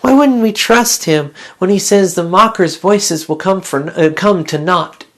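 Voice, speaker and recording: A woman's voice: fairly low pitch, unhurried. Earnest woman giving a devotional talk. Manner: earnest, reflective, many rhetorical questions. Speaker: Bible teacher.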